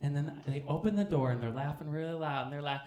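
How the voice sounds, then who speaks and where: A man doing campy, animated stand-up storytelling on a theater stage, acting out the people in his story. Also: a little high, fast, a little hiss or hum. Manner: animated, campy, acts out voices. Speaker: stand-up comedian. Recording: roomy theater sound.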